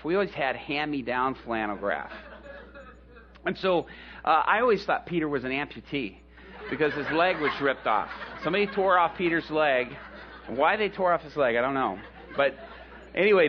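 A man who is a pastor, telling a story in a sermon in an animated way, acting out voices and chuckling as he goes. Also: fairly high pitch. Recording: dull lo-fi recording with faint hum.

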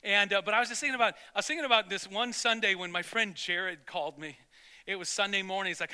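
A male pastor preaching in a high-pitched voice with a piercing, bright edge. He tells his sermon as an animated story, breaking off and restarting mid-sentence. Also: quick pace. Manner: storytelling, animated, self-interrupting.

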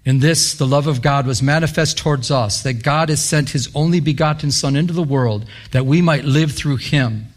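A pastor telling a story in a sermon, quoting scripture, lively at times and hushed at others. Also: male voice, on the high side, normal speed, hardly any pauses. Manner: animated, quotes scripture, drops to hushed intensity.

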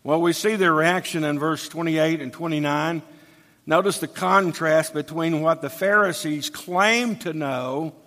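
A man preaches an expository sermon in a church sanctuary. He reads scripture aloud and then explains it verse by verse. His voice sits a little high and moves at an unhurried pace, and a long reverb trails every phrase. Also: fairly bright tone.

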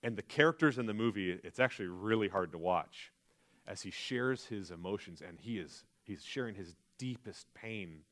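A pastor delivering a sermon, his voice sitting on the low side. He speaks earnestly and tells stories in a confessional way, often pausing and restarting as he works through his thoughts. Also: animated, fairly bright tone.

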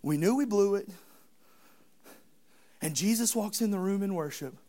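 A preacher with a fairly high male voice tells his sermon like a story, animated and full of humor. He speaks conversationally, leaning in to the crowd he is addressing. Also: normal speed.

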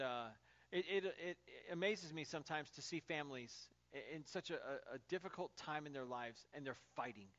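A man in his thirties preaching a sermon as a pastor, telling stories in an animated, conversational way with fillers. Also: on the high side, lo-fi sound.

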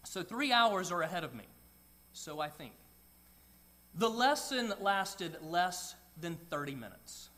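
A middle-aged male pastor delivers a sermon in a high, bright voice. He tells stories and often drops into soft, quiet asides. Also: big pitch swings. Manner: storytelling, with quick dips into soft quiet asides.

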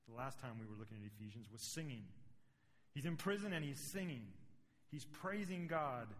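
A middle-aged man preaching a sermon as pastor, conversational and building to emphatic points. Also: mid-range voice. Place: church sanctuary. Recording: long reverb of a large hall.

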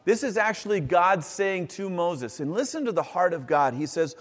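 A man's voice: sits high, expressive, normal speed, few pauses, in a large hall. A man preaching a sermon in an earnest, conversational way, repeating commands for emphasis. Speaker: pastor.

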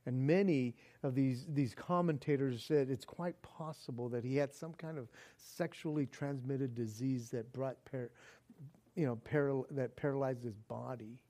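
A male preacher delivering a sermon as an animated story, firing rhetorical questions, chuckling, then easing into soft reflective passages. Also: mid-range voice, moderate pace.

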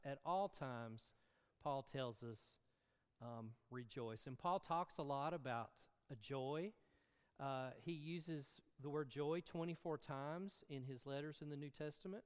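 A male pastor preaching a sermon in a smooth, resonant voice, earnest and unhurried, with filler ums and self-corrections along the way. His voice rings out with a long reverb, as if from a large hall. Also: mid-range voice.

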